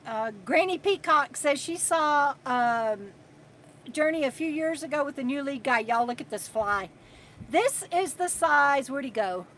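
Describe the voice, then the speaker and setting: A woman in her sixties hosting a casual livestream, chatting and reading viewer comments aloud between pauses. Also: high voice, animated, a bit bright, slight background noise. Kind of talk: casual live chat.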